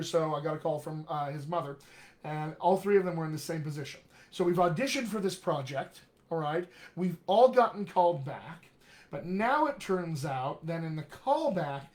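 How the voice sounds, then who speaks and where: A man coaching actors in a live-streamed talk, direct and encouraging, often checking in with "all right?". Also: a little high. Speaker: dialect coach.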